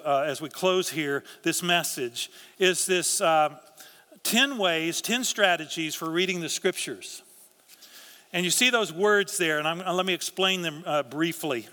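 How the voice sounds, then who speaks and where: A man preaching in a church, his voice bright and forceful, a little higher than most men. He talks earnestly and conversationally, often restarting his words. The sound hangs in the long reverb of a large hall. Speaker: pastor. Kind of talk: sermon.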